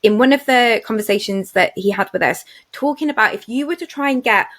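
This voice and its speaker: A woman's voice: a little high, a little fast, a bit bright. A woman co-hosting a podcast, chatting casually and enthusiastically with lots of fillers and restarts. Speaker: podcast co-host. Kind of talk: casual chat.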